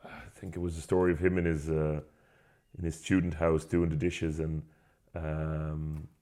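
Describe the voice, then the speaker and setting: A man's voice: rumbling low, completely flat delivery, moderate pace, mellow. A man co-hosting a podcast, chatting casually and telling stories loosely, laughing along. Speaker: podcast co-host. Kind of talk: casual chat.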